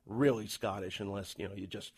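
A man's voice: lowish voice, steady tone, fairly quick, darkish tone, a little hiss or hum. Rambling, hesitant Canadian man. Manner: hesitant, rambling, many restarts. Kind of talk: casual podcast chat.

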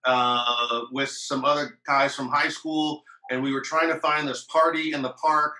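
A man chats casually over a video call, telling stories with plenty of ums and uhs. His voice is very bright and sharp, and it rings in an echoey room. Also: a little high, level tone, measured pace. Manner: hesitant, many ums and uhs. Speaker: host.

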